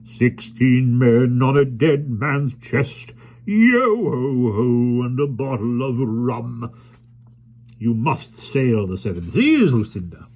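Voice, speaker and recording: A man voicing a blustery old naval admiral with a booming, hearty voice in a storybook reading. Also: very animated, normal speed, hardly any pauses, husky. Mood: jovial.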